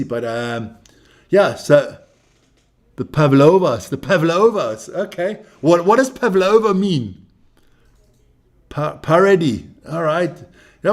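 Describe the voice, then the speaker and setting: A man hosting a live stream as he watches a rugby match, joking, swearing and chatting with viewers and with people in the room. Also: fairly high pitch. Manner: brash, profane, joking banter.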